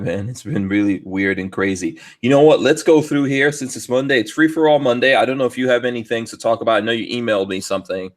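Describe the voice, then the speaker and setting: A man hosting a live podcast, talking in a jokey, lively way and laughing often. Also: on the low side. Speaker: podcast host. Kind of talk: casual live-stream podcast chat.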